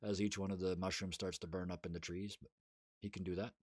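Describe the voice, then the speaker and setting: Low-voiced man thinking aloud in a game. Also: little pitch movement, fast, darkish tone, no echo, studio quality. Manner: thinks aloud with fillers and restarts while planning moves. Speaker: tabletop game player. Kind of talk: casual role-play chat.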